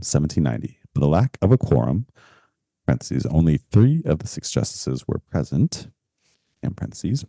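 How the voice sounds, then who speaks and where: Casual male co-host, low mellow voice, easygoing, lots of fillers; dry close recording. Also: creaky, no room sound. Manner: relaxed, chatty, many fillers and laughs. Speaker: podcast co-host. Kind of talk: casual podcast chat.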